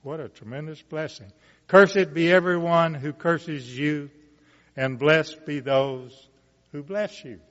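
A man preaching, reading Bible passages aloud and commenting on them in a slow, deliberate way with emphatic rises. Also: fairly high pitch, a bit bright. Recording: muffled sound with long reverb.

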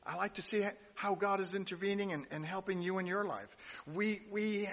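A man's voice: high-pitched, steady tone, normal speed, a bit bright, in a large hall. A man giving a sermon, reading scripture aloud and adding casual asides, with some restarts along the way. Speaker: pastor.

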